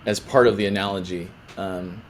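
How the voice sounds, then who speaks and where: A man with a fairly low voice hosts a relaxed podcast conversation. He keeps things playful and light as he throws out his questions, with a faint hum of room noise behind him. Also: normal speed. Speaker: podcast host. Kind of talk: casual podcast interview.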